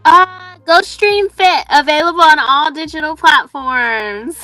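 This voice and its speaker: A woman's voice: high voice, takes it slowly, sharp tone, no echo, faint music behind, rough recording. A woman guest from Arizona, answering briefly in a casual remote interview and laughing often. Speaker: guest artist. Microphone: remote video call.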